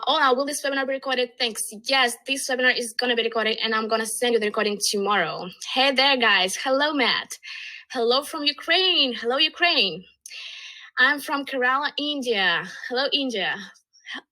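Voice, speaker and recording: Upbeat woman hosting a webinar, high voice. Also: sharp tone, low-quality recording. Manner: upbeat, reads chat messages aloud. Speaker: webinar host. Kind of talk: live webinar hosting, greeting chat.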